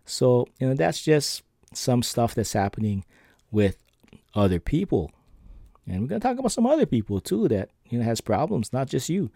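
A man's voice: mid-range voice, sing-song, normal speed, vocal fry, mellow, dry recording, studio quality. A man hosting a podcast, telling personal stories in a casual, rambling way with lots of fillers and restarts. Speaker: podcast host. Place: lives on an island.

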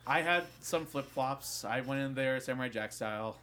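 A man's voice: medium pitch, moderate pace, a little hiss or hum. A young man co-hosting a casual chat, telling a story with swearing and acted-out voices. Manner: animated, swearing, acts out voices in stories. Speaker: podcast co-host.

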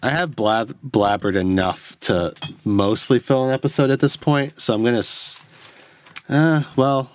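A man's voice: mid-range voice, measured pace, no room sound. A tipsy man hosting a solo film-review podcast, rambling and self-deprecating, alone at home at night into a close microphone. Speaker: podcast host. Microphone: studio mic close up.

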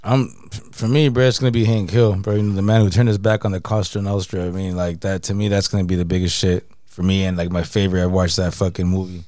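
A man's voice: deep voice, level tone, fast, few pauses, a little mellow, dry recording, studio quality. A man in casual, slangy chat, rambling and throwing in "bro" often.

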